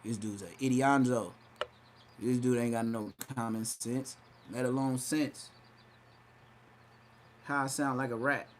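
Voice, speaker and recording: Pausing often and taking his time, a man hosting a livestream podcast talks trash in a medium-pitched voice with fairly even intonation. His commentary is hyped, brash and mocking, and he slips into exaggerated voices. Slight background noise can be heard.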